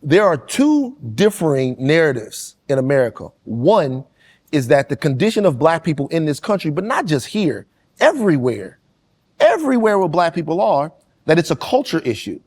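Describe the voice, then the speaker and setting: A man with a fairly high voice talks on a podcast panel. He speaks with passion and tells stories, driving his points home by repeating them. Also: big pitch swings, normal speed, darkish tone. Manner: passionate, storytelling, emphatic repetition. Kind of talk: casual panel discussion.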